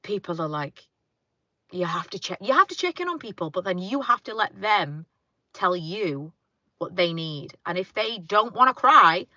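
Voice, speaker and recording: Chatty woman, bright, dry sound. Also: on the low side, very animated, normal speed, dry recording, dull audio. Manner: chatty, rambling, lots of fillers. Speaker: vlogger reading viewer comments. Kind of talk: casual car chat live stream. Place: inside a parked car.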